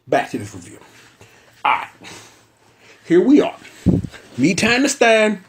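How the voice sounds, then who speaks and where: A man's voice: mid-range voice, sing-song, a little slow, pauses often, background noise. A man hosting a casual, brash and slangy episode review, riffing at length. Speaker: show reviewer host.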